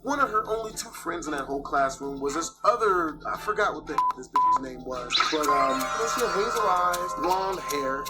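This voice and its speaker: Male storyteller, lively swooping delivery, profane and animated, loud music underneath. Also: high voice, moderate pace, few pauses, poor audio.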